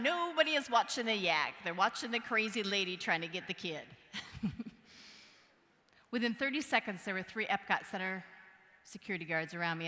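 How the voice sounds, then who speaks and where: A woman from Wisconsin giving a motivational keynote speech, telling a story in a playful, animated way and acting out voices and sounds. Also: mid-range voice. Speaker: keynote speaker. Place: large conference hall. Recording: long hall reverb.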